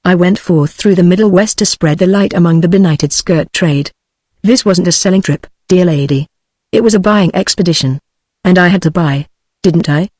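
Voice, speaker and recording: A big, self-assured salesman making excuses in a bland tone, read by a text-to-speech voice. The sound is mechanical, even and dry. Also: mid-range voice, normal speed, no room sound, close to an everyday voice. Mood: smug. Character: fat, cheery, impudent male traveling salesman.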